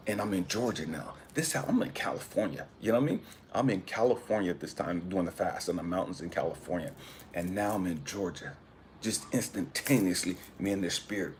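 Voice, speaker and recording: A man's voice: sits low, slight background noise. Man telling an earnest spiritual story. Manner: earnest, emphatic, repeats phrases for emphasis. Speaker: spiritual coach and channel host.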